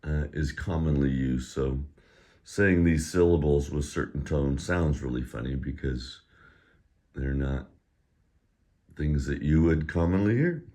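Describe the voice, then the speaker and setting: A man's voice: very deep voice, measured pace, warm tone. A man teaching a pronunciation lesson. He drills syllables one by one in a raised voice, then explains them in a plain conversational tone. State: slightly out of breath. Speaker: language teacher.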